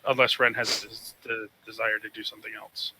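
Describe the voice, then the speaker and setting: Sharp, bright-voiced male player. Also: lowish voice, level tone, normal speed, a little hiss or hum, low-quality recording. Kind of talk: tabletop game play.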